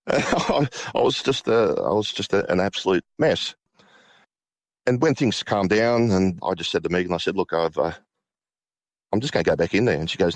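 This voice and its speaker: A middle-aged man recounting a personal ghost story, halting with many restarts and fillers. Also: low-pitched, no room sound. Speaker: guest.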